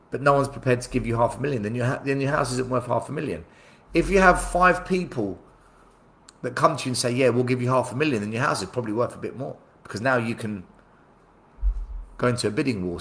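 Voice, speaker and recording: Man, mid-pitch voice, football fan livestream host, casual chatty banter. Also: fairly bright tone. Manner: hype-man introductions, banter. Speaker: host of fan watchalong show. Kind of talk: casual chat with live chat readers.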